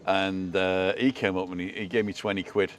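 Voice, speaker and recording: A man's voice: sits low, little pitch movement, moderate pace. A man who co-hosts a live show, telling rambling anecdotes in casual chat and checking in with tag questions.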